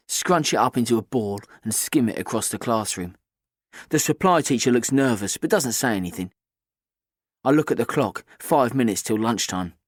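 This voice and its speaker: A man's voice: mid-range voice, no room sound, clean studio sound. A man giving scripted first-person audiobook narration in a glum, tense storytelling manner.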